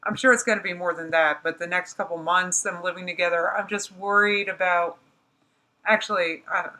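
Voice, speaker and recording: A woman's voice: on the low side, steady tone, moderate pace, sharp tone, rough recording. A woman hosting a casual reaction stream with a New Jersey accent, talking bluntly and with exasperation, laughing often. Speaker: host reacting to a livestream.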